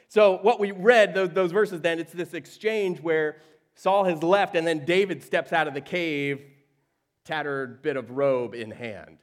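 A man preaching a sermon, telling a story with lively asides, quoted voices and laughs. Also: mid-range voice. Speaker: pastor.

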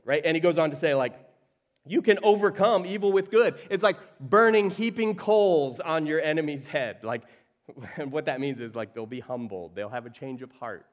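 A man preaching a sermon, telling a story with lively asides, quoted voices and laughs. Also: mid-range voice, a little fast. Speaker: pastor.

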